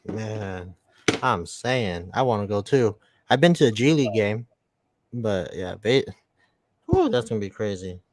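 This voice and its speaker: A man from Brooklyn co-hosting a casual live-stream chat, laughing often and talking in excitable slang. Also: on the low side, a little slow. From New York. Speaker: co-host.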